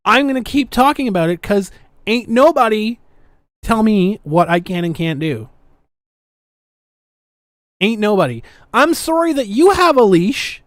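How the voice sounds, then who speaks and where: A woman's voice: mid-range voice, dry recording, clean studio sound. Sarcastic ranting woman podcaster. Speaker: podcast host. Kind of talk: casual podcast commentary.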